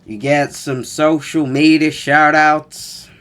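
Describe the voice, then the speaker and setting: A man reading ad copy in an exaggerated, drawn-out fake American accent, mocking it. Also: fairly high pitch, little pitch movement, fairly bright tone, voice pushed up.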